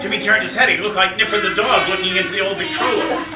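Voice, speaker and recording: A man performing a theatrical one-man-show story on an Off-Broadway stage, with an excitable, gushing delivery. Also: high voice, fast, far from the mic, over loud music. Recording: echoey theater, heard from afar.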